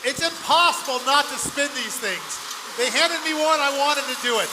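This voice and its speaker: A man leading a synagogue congregation, energetic and joking as he rallies them to shout along. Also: very high-pitched, normal speed, big-room sound, very noisy. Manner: energetic, joking, rallying the crowd. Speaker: service leader. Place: synagogue sanctuary.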